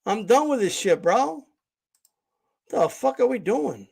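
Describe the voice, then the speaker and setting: Brief: high-voiced man, livestream host, blunt and confrontational rant. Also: big pitch swings, slow, vocal fry, darkish tone, husky. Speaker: boxing channel host.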